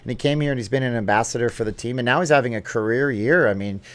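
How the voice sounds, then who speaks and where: A man's voice: mid-range voice, quick pace, fairly bright tone. A man hosting a casual livestream vlog, chatting in an upbeat way and jumping between topics as he reads viewer comments. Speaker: YouTube vlog host.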